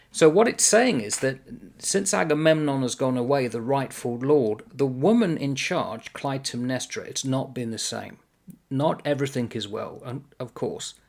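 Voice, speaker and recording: Man musing over a classic play. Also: mid-range voice. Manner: thoughtful, meandering, self-correcting. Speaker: book reviewer. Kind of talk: casual literary explainer.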